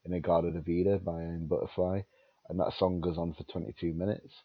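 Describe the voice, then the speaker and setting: A man's voice: low-pitched, little pitch movement, a little fast, breathy edge, dry recording, muffled recording. A British man co-hosting a podcast in casual chat, rambling through sweary anecdotes with many restarts, and sounding tired. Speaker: podcast co-host.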